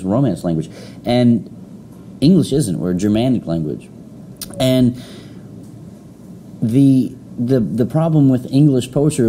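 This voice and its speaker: A man's voice: medium pitch, mellow, a little hiss or hum. A young man teaching a classroom lecture, rambling with many fillers and restarts.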